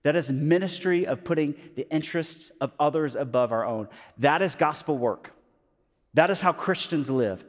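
A male pastor giving a sermon, telling stories in an animated way with lots of fillers, moving between loud and hushed. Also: fairly high pitch. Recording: long hall reverb.

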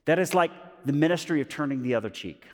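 A male pastor giving a sermon, telling stories in an animated way with lots of fillers, moving between loud and hushed. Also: on the high side, fast. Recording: long hall reverb.

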